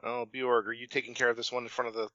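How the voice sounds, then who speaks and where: Bright-voiced man calling out rolls. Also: mid-range voice, flat delivery, very fast, no room sound. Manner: matter-of-fact, calling out rolls. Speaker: player. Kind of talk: casual banter at a tabletop game. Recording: dry, slightly dull podcast mic.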